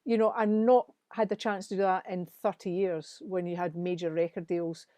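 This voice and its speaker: A middle-aged Scottish woman, appearing as a musician guest, tells studio stories in casual conversation, animatedly acting out the quotes. Her voice is fairly low and she talks at a normal speed, in a dry recording.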